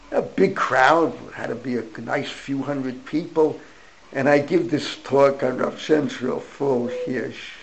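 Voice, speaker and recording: An older man, a rabbi, teaches an informal Torah class, wandering through anecdotes laced with Hebrew and Yiddish and calling on students by name. His voice is medium-pitched and creaky, and the audio quality is poor.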